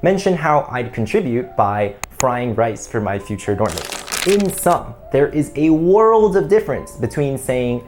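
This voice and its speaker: A man's voice: mid-range voice, animated, a little slow, darkish tone, faint music behind. A man explaining how to write college application essays in an upbeat, conversational instructional video.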